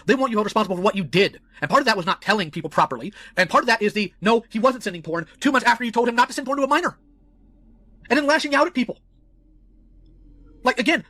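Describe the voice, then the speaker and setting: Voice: mid-range voice, pushed and bright. A person confronting someone in an earnest, lecturing and accusing way.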